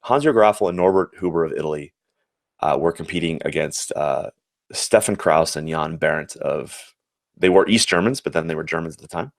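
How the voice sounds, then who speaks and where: A man's voice: rumbling low, normal speed, creaky, dry recording, clean studio sound. An American man in his forties, a former Olympic athlete, telling earnest and reflective stories in an interview, often restarting his sentences. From United States. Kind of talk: anecdotal interview storytelling.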